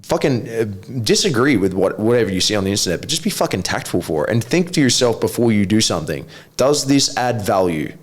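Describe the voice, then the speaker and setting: Man, Australian accent, podcast guest, casual chat, blunt, sweary, animated. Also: fairly low pitch, fast, few pauses. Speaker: MMA coach, podcast guest.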